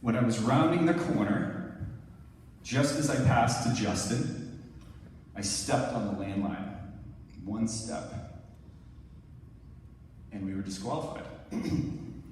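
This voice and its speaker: A lower-voiced Canadian man in his thirties speaks to an audience like a storyteller and keeps cueing someone to run the next clip. His voice sits well back from the mic and rings through a large, echoey hall with a long tail, over a faint ambient hum. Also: darkish tone, recorded from a distance. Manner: conversational storyteller, often cueing a helper to play or pause clips. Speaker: former Olympic sprinter giving a talk. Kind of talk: live talk narrating video clips.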